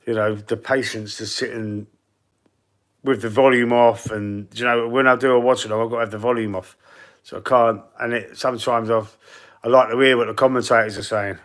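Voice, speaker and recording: This man has a fairly bright mid-range voice and a London accent, being from London, England. As a football fan on a live stream, he reads comments and rambles casually, laughing frequently and cursing now and then.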